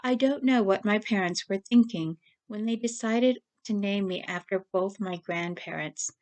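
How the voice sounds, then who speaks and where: A woman's voice: mid-range voice, darkish tone, close to an everyday voice. Woman reading a chatty, rambling young woman. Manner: talks in long nervous rushes.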